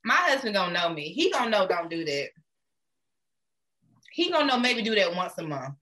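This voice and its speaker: A woman co-hosting a casual chat show, animated and blunt, swearing and laughing often. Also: medium pitch, brisk. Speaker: podcast co-host.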